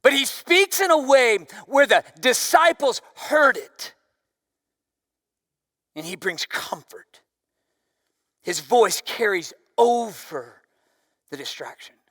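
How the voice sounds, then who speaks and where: A man preaching a sermon as pastor, with a loud voice that swings from forceful emphasis down to near-whispers. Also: very high-pitched, expressive, slow pace, long pauses, dry recording, clean studio sound, in a large hall.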